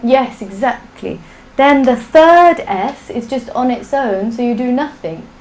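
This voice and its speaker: A woman's voice: a little high, expressive, unhurried, darkish tone, low-quality recording. A woman teaching a live online language class, drilling sounds patiently for students to repeat. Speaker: Sanskrit teacher.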